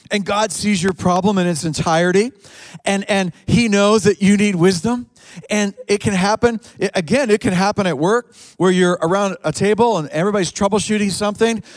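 A man preaching a sermon, telling a story with lively acted-out quotes and frequent restarts. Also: sits high, no room sound. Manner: animated storyteller, acts out quotes, many restarts. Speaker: pastor.

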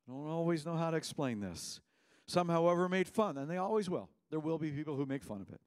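A man preaching a sermon as pastor in a church, impassioned, swinging between loud cries and hushed words. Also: mid-range voice, expressive, fast, no echo, studio quality.

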